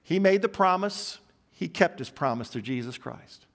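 A man's voice: on the high side, animated, normal speed, gravelly. A man preaching a sermon, emphatic and building long repeated lists.

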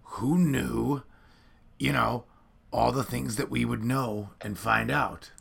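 Gravelly dry-voiced man co-host. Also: medium pitch, steady tone, slow pace, a bit bright. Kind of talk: deadpan comedy banter.

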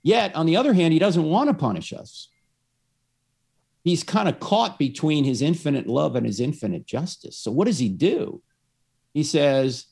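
A man's voice: a little high, sing-song, normal speed, creaky, a little mellow, husky. A man explaining his faith to one listener through a story, acting out the lines of the people in it. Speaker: evangelist.

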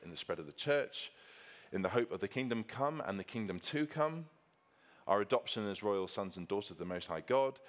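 Man, preacher, deep low voice, earnest, emphatic, repeats phrases. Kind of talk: sermon with slides.

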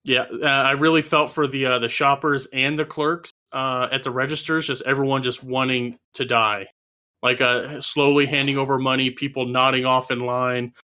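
A man's voice: mid-range voice, flat delivery, moderate pace, bright, forceful tone, clean tone. A man co-hosting a casual film review podcast, talking through his notes with dry, sardonic humor. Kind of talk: casual chat.

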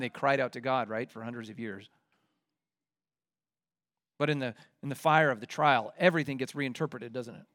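A man's voice: medium pitch, moderate pace, long pauses, fairly bright tone. A man preaching a sermon, reading scripture aloud and acting out people's complaints with rising emphasis. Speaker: pastor.

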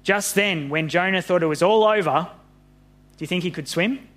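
Animated man reading a children's story. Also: high voice, moderate pace. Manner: animated storyteller, friendly and lively with kids. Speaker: pastor.

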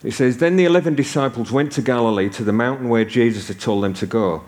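A man's voice: mid-range voice, quick pace, a little mellow. A man in his sixties from the north of England, preaching a sermon and telling stories with humor. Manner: conversational storytelling with humor.

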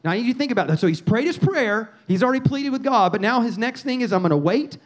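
A middle-aged man preaching a sermon as pastor, animated and punchy, with quoted asides and repeated phrases. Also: very high-pitched, fast.

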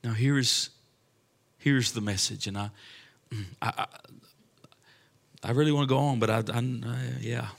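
A man's voice: mid-range voice, measured pace, gravelly, pauses often. A man preaching a sermon with impassioned delivery and frequent restarts. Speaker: pastor.

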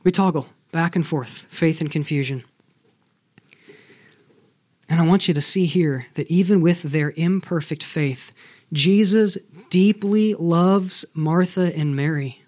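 A man's voice: a little high, unhurried, darkish tone. A man preaching a sermon as a pastor, earnest and emphatic, often turning to the congregation with rhetorical questions.

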